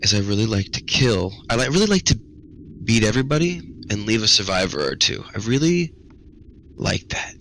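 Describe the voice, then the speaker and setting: A man's voice: fairly low pitch, very animated, brisk, fairly bright tone, slight background noise, poor audio. A man playing a tabletop game, playful and dramatic as he describes his character's actions. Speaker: player. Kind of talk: casual tabletop play.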